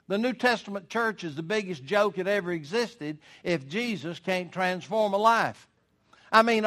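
A man's voice: high-pitched, pushed and bright. A man preaching a sermon, reading scripture aloud and explaining it verse by verse with emphatic, rhetorical questions.

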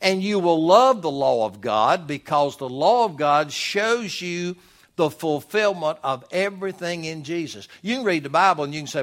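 A man preaching a sermon, reading scripture aloud with loud emphatic swells. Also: on the high side, lively intonation, moderate pace.

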